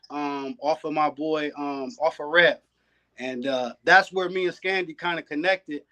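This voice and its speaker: A man, a guest on a podcast and a dog breeder, telling stories in a relaxed, casual way. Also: high voice. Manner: laid-back, peppers talk with "man". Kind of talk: casual storytelling chat.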